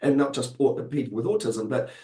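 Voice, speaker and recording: A man with a New Zealand accent, hoarse and croaky from being unwell, talking as a guest in a webinar with many fillers and restarts. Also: mid-range voice, animated, brisk, warm tone, echoey room. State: hoarse from illness. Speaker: panel guest. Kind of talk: webinar discussion.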